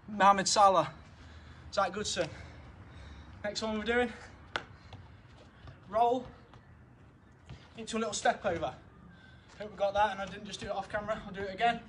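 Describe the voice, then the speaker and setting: There's a faint outdoor hum on the camera mic as a young football coach, his voice high, runs a drill session in his garden. Out of breath, he speaks unhurriedly with long pauses, offering steady encouragement and counting each drill down.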